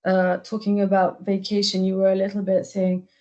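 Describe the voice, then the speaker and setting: Woman, feedback on a role-play, analytical, points out strengths and mistakes, mid-pitched voice. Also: completely flat delivery, moderate pace, a little mellow, muffled recording. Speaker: workshop participant giving feedback.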